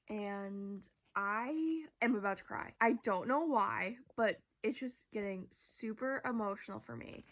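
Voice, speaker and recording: A woman's voice: medium pitch, fairly bright tone. A woman talking casually from her bed in a book vlog, chatty and gushing with lots of fillers. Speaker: book vlogger. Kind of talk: casual reading vlog chat. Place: bedroom, in bed.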